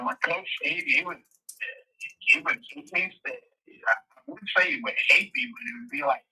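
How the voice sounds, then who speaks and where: A man's voice: very high-pitched, gravelly, sharp tone, breathy edge, rough recording. A man, hosting a casual sports chat and rambling through stories with many restarts. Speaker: podcast host.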